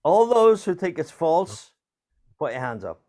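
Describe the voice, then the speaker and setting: A man's voice: on the high side, sing-song, a little slow, mellow. An older man hosting a playful true-or-false quiz over a video call, teasing his guests and laughing often. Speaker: quiz host.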